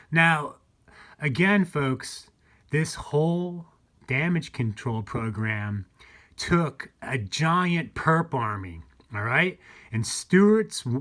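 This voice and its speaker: A man's voice: on the high side, fairly bright tone. A man hosting his own channel, talking to viewers in a rambling, repetitive monologue, often restarting and calling them folks. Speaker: conspiracy channel host.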